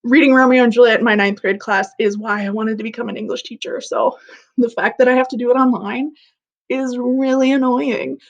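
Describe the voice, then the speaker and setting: This recorded online lesson features a young woman teaching English with a fairly high, steady voice at a slightly quick pace. Her manner is chatty and playful, and she keeps her explanations simple. The audio sounds muffled.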